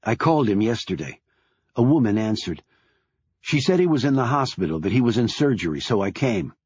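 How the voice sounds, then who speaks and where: A man's voice: fairly low pitch, very animated, brisk, darkish tone, breathy edge, no room sound, muffled recording. A man voicing a defiant young female reporter who talks blunt and demanding.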